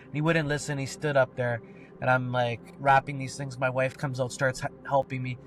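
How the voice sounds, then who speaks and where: A man's voice: medium pitch, little pitch movement, normal speed. A man telling a personal story on a podcast, rambling and swearing, with lots of filler words. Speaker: podcast co-host. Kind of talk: casual storytelling.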